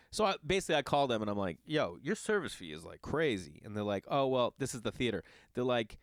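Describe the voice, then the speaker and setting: A man who is a father, hosting a podcast and telling a long casual story in an animated, exasperated and profane way. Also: medium pitch, dry recording. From Los Angeles area. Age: adult with children. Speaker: podcast host.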